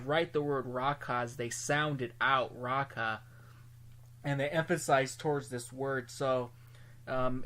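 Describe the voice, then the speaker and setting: A man's voice: medium pitch, a bit bright. A man hosting a Bible study video, talking through a verse in a casual, hesitant way with lots of ums and restarts. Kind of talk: casual spoken commentary.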